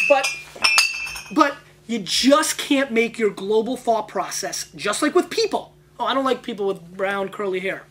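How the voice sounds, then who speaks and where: Excitable rambling wine show host, a man. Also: sits high, a little slow, noisy background. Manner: rambling, excitable, veers into tangents; brash and emphatic. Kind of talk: casual video wine tasting review.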